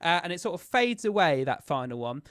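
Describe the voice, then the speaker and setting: A man's voice: fairly high pitch, sing-song, fairly quick, a bit bright, clean tone, no room sound, clean studio sound. A man leading a choir sectional rehearsal as music director. He explains the parts step by step and counts in the beats.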